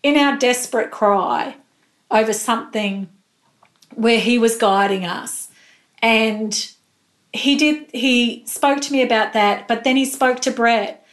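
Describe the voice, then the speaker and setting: A woman's voice: a little high, slow pace. A middle-aged woman, a pastor's wife, candidly telling a personal faith story in an interview, emotional and close to tears at moments.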